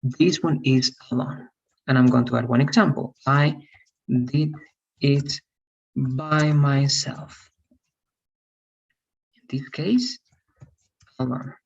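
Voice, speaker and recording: A man's voice: medium pitch, steady tone, slow pace, gravelly, long pauses, husky, highs cut off. A man teaching an online English grammar lesson, patiently repeating examples and checking with "all right?".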